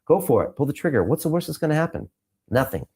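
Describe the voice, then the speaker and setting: A man answering interview questions, emphatic and repeating his points for punch, sometimes turning quiet and reflective. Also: on the high side, big pitch swings, fast talker, husky. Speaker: podcast host being interviewed.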